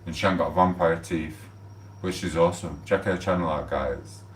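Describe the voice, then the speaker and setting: A very deep-voiced man in his forties rambles through a casual live stream, chatty and freely swearing. He sits well back from the mic in a roomy, echoing kitchen. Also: normal speed, a little hiss or hum. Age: 40s. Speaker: livestreamer. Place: home kitchen. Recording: roomy echo, distant from the mic.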